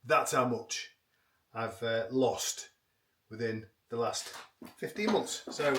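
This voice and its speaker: A man's voice: mid-range voice, slow, a bit bright, dry recording. Brief: man, fifties, easygoing vlogger talking to camera, self-mocking, rambling. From United Kingdom. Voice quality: chatty, self-deprecating, rambling. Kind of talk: casual chat to camera.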